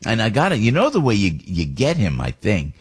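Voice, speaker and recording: A man's voice: lowish voice, huge pitch swings, a little fast, husky. A middle-aged American man hosting a talk radio show, rambling and opinionated, with many restarts and asides.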